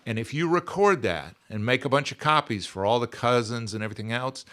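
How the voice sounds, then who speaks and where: A man's voice: medium pitch, lively intonation, a little fast, fairly bright tone. A man in his sixties, speaking as a podcast guest in an earnest, emphatic way and repeating his key phrases. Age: 60s. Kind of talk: conversational interview.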